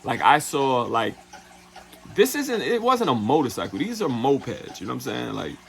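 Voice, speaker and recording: A man's voice: medium pitch, very animated, gravelly, a bit bright. A man telling a travel story in a loose, profane way, full of fillers and acted-out quotes. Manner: loose and profane, heavy fillers like "you know what I'm saying"; acts out other people's lines in quick put-on voices. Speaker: travel vlogger. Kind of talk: casual storytelling.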